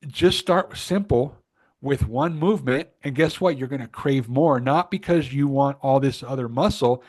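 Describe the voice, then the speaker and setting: Podcast guy coaching listeners, earnest and punchy, mid-pitch everyday voice. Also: moderate pace, a little mellow. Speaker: podcast co-host. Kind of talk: casual motivational chat.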